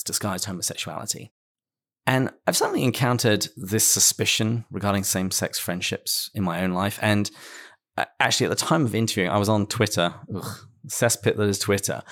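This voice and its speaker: A British man hosts a relaxed interview, asking questions in a measured, dryly understated way. His voice sits somewhat low for a man. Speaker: podcast host. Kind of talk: interview conversation.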